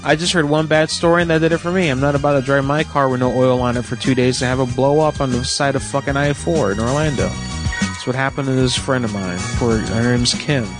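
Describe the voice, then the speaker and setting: A man's voice: mid-range voice, fairly even intonation, fast. Sick radio host guy, swears a lot, rambles, music going behind him. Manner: profane, rambling storyteller. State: sick, congested. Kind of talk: casual talk radio chat.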